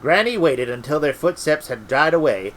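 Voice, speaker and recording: A man reading a story aloud in a relaxed way, with restarts and little asides. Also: on the high side, moderate pace, slight background noise, rough recording. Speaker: audiobook reader.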